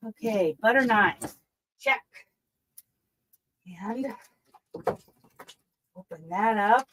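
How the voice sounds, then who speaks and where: A woman's voice: a little high, extremely slow, pauses often, fairly bright tone, rough recording. A woman hosting a casual live stream who coos to her pet in sing-song baby talk between chatty remarks. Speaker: crochet channel host.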